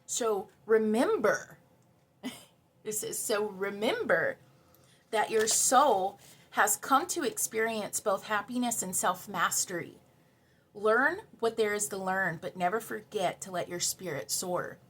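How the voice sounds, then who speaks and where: A woman's voice: mid-range voice, expressive, takes it slowly, fairly bright tone, breathy edge. A woman doing a spiritual tarot card reading for her viewers, earnest and emotional, repeating key words for emphasis. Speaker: tarot reader.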